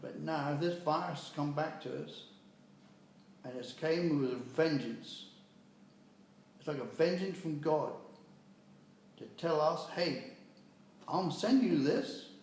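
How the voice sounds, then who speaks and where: Older man, higher-pitched, blunt, impassioned scold, heavy room echo. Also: takes it slowly, long pauses, a little hiss or hum. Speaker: speaker giving a personal message. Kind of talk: impassioned monologue. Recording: very echoey room.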